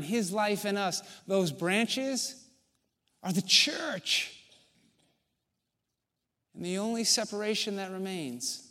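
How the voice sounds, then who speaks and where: A man preaches in a church sanctuary, his voice sitting notably high for a man. He takes his time, pausing between phrases. At points he builds to emphatic, ringing declarations. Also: a bit bright. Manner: measured, rising to emphatic in passages, with long pauses. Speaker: pastor. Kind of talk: sermon.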